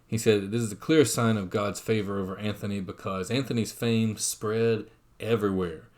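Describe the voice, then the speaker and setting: A man's voice: lowish voice, fairly even intonation, normal speed, darkish tone. A man giving an online lecture, reading quotations aloud with frequent fillers and restarts.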